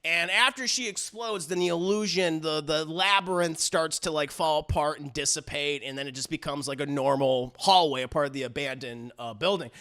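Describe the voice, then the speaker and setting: A man streaming live, recapping a cartoon episode in an animated, profane way and acting out the scenes. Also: a little high, normal speed, few pauses. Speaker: streamer and TV reviewer.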